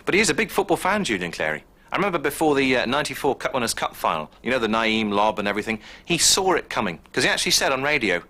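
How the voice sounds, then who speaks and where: Lively wry comedian host. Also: male voice, mid-range voice, fast talker. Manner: wry, playful delivery. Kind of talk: comic links.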